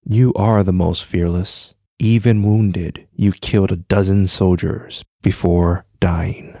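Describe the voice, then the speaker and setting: A solemn samurai speaks with calm earnestness, as a male narrator reads him. His voice is deep and gravelly. The sound is dry and close. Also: slow pace, dry recording, exaggerated voice.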